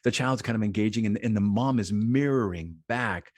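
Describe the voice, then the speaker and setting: A man's voice: on the low side, normal speed, dry recording, clean studio sound. A man on a mental health podcast, explaining concepts at length in conversation and often posing rhetorical questions.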